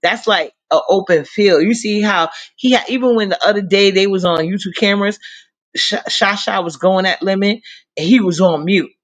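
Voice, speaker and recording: A man hosting a livestream, chatting in casual gossip, animated, repeating himself and trailing off. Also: sits high, normal speed. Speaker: livestream host.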